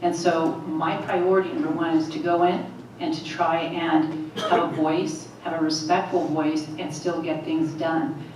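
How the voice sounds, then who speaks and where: A woman running for office, answering forum questions in a steady, measured way and repeating phrases for emphasis. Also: low-pitched, slight background noise. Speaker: political candidate. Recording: echoey hall, voice from far off.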